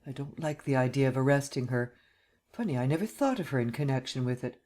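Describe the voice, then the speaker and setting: Indignant district attorney, cold and terse, man reading it, middle-aged, mid-pitched. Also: animated, fast, darkish tone, lightly acted. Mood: troubled.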